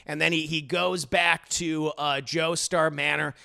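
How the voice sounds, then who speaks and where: A man tells his live chat about an episode scene by scene, cursing and laughing as he goes. His voice is high and bright and swings widely in pitch. A gravelly rasp runs through it. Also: measured pace, hardly any pauses. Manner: animated, profane, laughing storytelling. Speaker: TV reviewer streamer.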